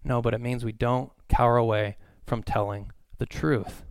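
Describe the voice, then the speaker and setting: A man's voice: medium pitch, fairly even intonation, normal speed, clean tone, no room sound. A man preaching a sermon in a conversational way, asking his listeners questions.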